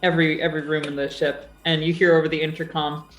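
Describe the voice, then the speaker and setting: A woman's voice: low voice, level tone, quick pace, echoey room, soft background music, lightly acted, low-quality recording. A woman playing a player's character, a chirpy female ship AI speaking over the intercom, perky and self-mocking.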